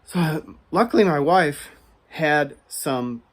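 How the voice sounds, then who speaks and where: Speaking slowly in a voice on the high side, an American man hosting a card collecting channel tells a story as a rant. He's conversational and animated, often restarting or wandering into asides, and his tone builds to heated emphasis.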